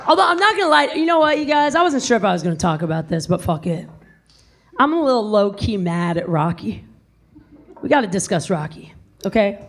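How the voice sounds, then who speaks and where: Brash, high-voiced woman doing stand-up. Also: background noise. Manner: brash, profane, animated storytelling. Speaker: stand-up comedian. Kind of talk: stand-up comedy set. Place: comedy club stage. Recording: live club audience laughing. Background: crowd laughing and cheering.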